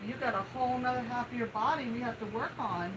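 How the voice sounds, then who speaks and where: A woman's voice: on the high side, fast talker, noisy background. A woman hosting a live stream, talking casually while she grooms her dog, with a coaxing, soothing baby-talk manner. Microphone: home live-stream setup.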